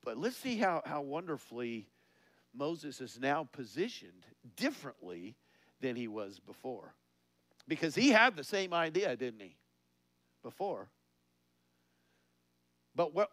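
A man preaching a conversational sermon, laughing often and asking his listeners questions, rising in pitch and volume on key points. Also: big pitch swings, unhurried, pauses often, fairly bright tone, dry recording.

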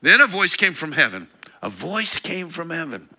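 At a moderate pace, this pastor reads scripture aloud and then unpacks it for his congregation in an easygoing, conversational way, laughing and correcting himself along the way. His voice rings very bright, with lively rises and falls in pitch.

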